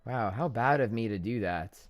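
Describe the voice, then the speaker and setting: A man's voice: fairly low pitch, lively intonation, moderate pace, no echo, soft background music. A young man chatting casually on a live trading stream, joking and making fun of himself as he goes. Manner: chatty, joking, self-deprecating.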